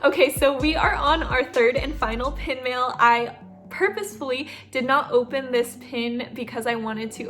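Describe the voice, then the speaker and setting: Gushing high-voiced woman vlogger. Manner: gushing, excitable, lots of "oh my gosh". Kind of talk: unboxing video chat.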